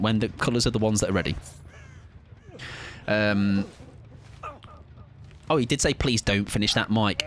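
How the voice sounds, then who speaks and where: A man's voice: medium pitch, a bit bright, a little hiss or hum. A man chatting casually and joking through a gaming stream, swearing freely and mocking himself.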